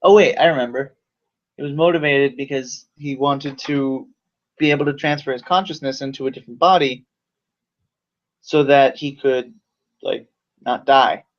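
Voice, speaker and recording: A man's voice: mid-range voice, normal speed, pauses often. A young man casually reviewing a movie, rambling with lots of fillers and swearing. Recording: slightly dull lo-fi mic.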